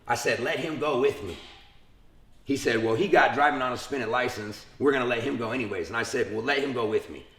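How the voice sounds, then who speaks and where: A young man speaking casually in an interview, retelling events in a lively way, acting out the people he quotes, with lots of profanity. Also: medium pitch, brisk, reverberant. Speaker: interview guest.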